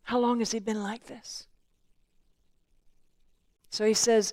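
A woman's voice: a little high, flat delivery, takes it slowly, a little mellow, dry recording. A middle-aged woman preaching a sermon earnestly, asking pointed questions and voicing people in prayer.

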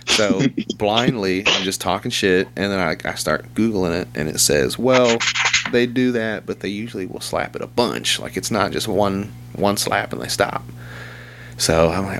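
A man's voice: sits low, moderate pace, creaky, fairly bright tone, a little hiss or hum. A man telling crude, rambling stories in casual chat, swearing and laughing often. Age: young adult to middle-aged, father of a two-year-old.

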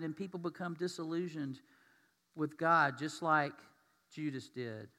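A man's voice: on the high side, a little slow, pushed and bright. A man preaching a sermon as pastor, talking conversationally and putting questions to his congregation. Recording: long reverb of a large hall.

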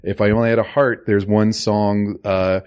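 A man's voice: lowish voice, flat delivery, moderate pace, a little mellow, smooth. A man hosting a casual comedy podcast, chuckling and telling rambling trivia. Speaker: podcast host.

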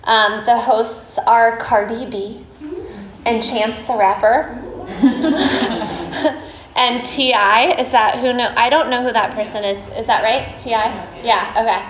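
A woman's voice: on the high side, fairly even intonation, unhurried. A woman telling a story to a group, chatty and casual, with lots of fillers and laughs. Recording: echoey room, slightly dull sound.

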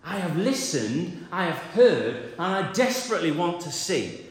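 A man, preaching a lively sermon and acting out the voices in the story. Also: high voice, measured pace. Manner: animated, acts out voices, builds repetition. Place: church. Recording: echoey church hall.

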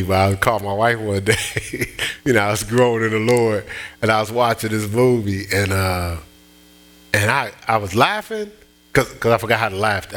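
A man delivers a sermon in a bright, forceful voice, telling a personal story. He stumbles over restarts and pushes up into emphatic bursts. A low mains hum sits under the recording. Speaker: pastor.

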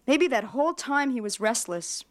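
A woman writer giving a measured literary reading of her own fiction. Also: a little high, expressive.

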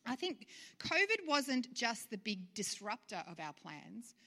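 Bright-voiced woman preaching. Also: fairly high pitch, big pitch swings, unhurried, big-room sound. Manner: conversational, rhetorical questions, light laughs. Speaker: pastor. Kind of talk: sermon.

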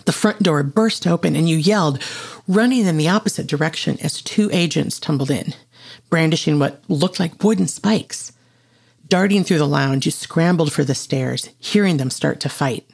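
Husky, gravelly male narrator for a hushed, creepy second-person story. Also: fairly high pitch, normal speed.

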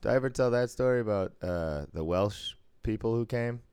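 A podcast co-host with a somewhat low, slightly mellow, smooth voice chats casually at a normal pace, with no room sound. He tells stories, laughs often, and swears freely.

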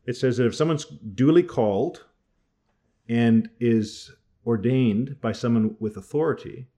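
A man's voice: medium pitch, unhurried, warm tone. A man teaching a class on church doctrine in a conversational way, thinking aloud and often restarting his sentences.

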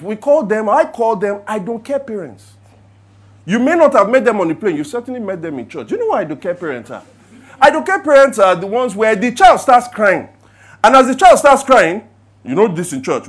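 High, lively pastor preaching. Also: male voice. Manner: animated, swings from hushed prayer to loud storytelling. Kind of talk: sermon. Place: church service.

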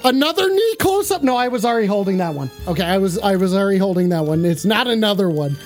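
A man hosting a live stream sign-off, excitable and swearing freely as he gives loud shout-outs. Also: sits high, quick pace. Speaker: livestream host. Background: music.

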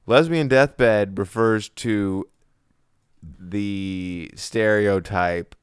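A man's voice: on the low side, extremely slow, clear, resonant tone, dry recording, clean studio sound. A young man chatting crudely on a podcast, rambling with many restarts. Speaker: podcast co-host. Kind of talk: casual chat.

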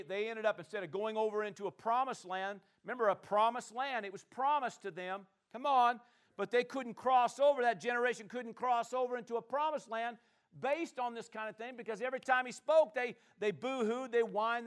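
A man preaching a sermon, calling on the congregation to answer and swinging between loud declarations and quiet asides. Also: high voice, steady tone, brisk, clean tone. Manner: call-and-response preaching, swings from loud to soft. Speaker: pastor.

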